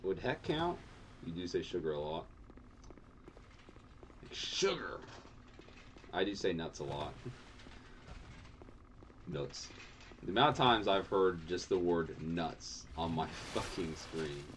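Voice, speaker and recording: A young adult man streaming a game, rambling casually, swearing often and yelping high when surprised. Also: lively intonation, a little slow, pauses often, a little hiss or hum. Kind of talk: casual gameplay chat.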